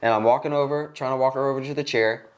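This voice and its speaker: A young man hosting a podcast in a studio, telling a casual work story and acting out the people in it with sudden jumps in his voice. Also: quick pace. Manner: animated, acts out quoted lines with jumps in pitch. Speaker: podcast host.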